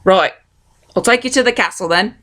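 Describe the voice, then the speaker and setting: A woman voicing a dutiful king's soldier who speaks in a measured, formal, patient way. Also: medium pitch, fairly bright tone, close to an everyday voice.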